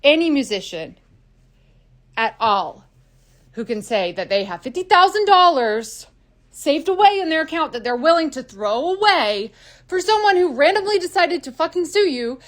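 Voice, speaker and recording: Fired-up woman venting, swearing, high voice. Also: very animated, normal speed. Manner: heated, swearing, bursts of loud anger then quieter. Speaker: musician. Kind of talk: confessional vlog monologue.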